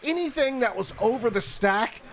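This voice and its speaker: A man with a high, light voice, narrating his game as he plays it and swinging between cheerful chatter and loud exasperation. A faint hiss of noise sits under the recording. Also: moderate pace. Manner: animated, exasperated, talks to the game. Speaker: gaming YouTuber. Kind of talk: live game commentary.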